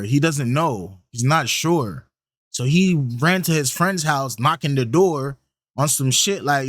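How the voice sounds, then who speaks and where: A man's voice: medium pitch, lively intonation, takes it slowly, fairly bright tone, no room sound, studio quality. A young man hosting a reaction video, talking casually in a slangy, rambling way, repeating lines back and musing over them with many restarts. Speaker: reaction channel host.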